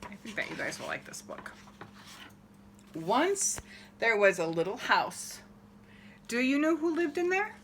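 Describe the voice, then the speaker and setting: In a fairly high voice, a woman reads a picture book to children in an unhurried way, leaving long pauses, with slight background noise. She's animated, dramatizing the story and quizzing her listeners.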